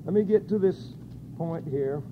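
A man preaching a sermon, crying out scripture at full force and then dropping to quiet, low asides. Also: measured pace, lo-fi sound, background noise.

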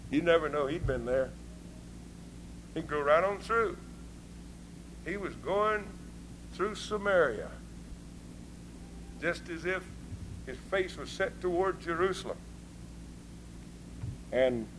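Fervent high-voiced man preaching. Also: background noise. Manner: fervent, swings between hushed talk and shouted scripture; folksy, informal grammar. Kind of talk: sermon.

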